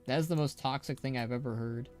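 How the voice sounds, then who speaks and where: A man's voice: medium pitch, steady tone, quick pace, darkish tone, soft background music. A man streaming a game, chatting casually, playful and teasing, laughing often. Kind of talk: casual chat while gaming.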